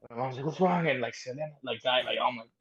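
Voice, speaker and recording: A man's voice: mid-range voice, fairly even intonation, very fast, sharp tone, highs cut off. A man talking as a podcast guest, laid-back and slangy, calling the host bro. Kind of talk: casual chat.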